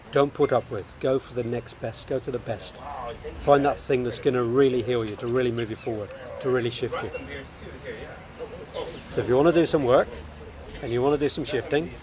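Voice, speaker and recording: Man, life coach on a live stream, upbeat and repetitive, mid-pitched, outdoors with lively crowd chatter. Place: outdoors next to a lunch table. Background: people chatting and laughing nearby.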